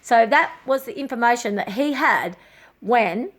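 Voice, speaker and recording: Brief: middle-aged woman, slightly high voice, raw and agitated, swearing through a personal story. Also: animated, unhurried, a bit bright. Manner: raw, agitated, swears often, repeats herself. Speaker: vlogger.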